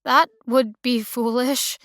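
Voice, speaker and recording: A woman's voice: high-pitched, unhurried, fairly bright tone, no room sound, clean studio sound. A woman voicing a stranded city woman who talks in a guarded, stiff, precise way. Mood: wary.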